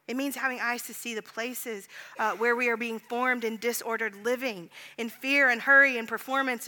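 A woman pastor telling a story in a sermon, earnest, dropping to a hush at tender moments. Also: a little high, fairly even intonation, normal speed. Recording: long hall reverb.

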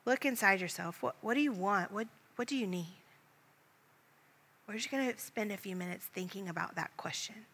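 A woman leading a guided Christian prayer meditation in a gentle, calm voice, speaking directly to the listener as "you". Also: medium pitch, normal speed, husky, in a large hall. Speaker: prayer leader.

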